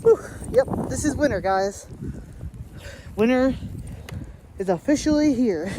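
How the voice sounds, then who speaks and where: A woman's voice: on the high side, animated, slow pace, background noise. A woman, vlogging outdoors during a snowstorm, chatty and laughing often as she talks to her pets. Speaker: daily vlogger. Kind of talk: casual vlog chat while walking outdoors.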